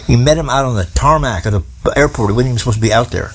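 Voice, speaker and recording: A man's voice: medium pitch, very fast, breathy edge. A man in his forties delivering a profane, rambling political rant in casual streetwise slang. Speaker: commentator.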